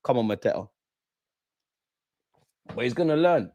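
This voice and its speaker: A young man hosting a live football watch-along, chatting in street slang and shouting when goals go in. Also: mid-range voice, lively intonation, a little slow.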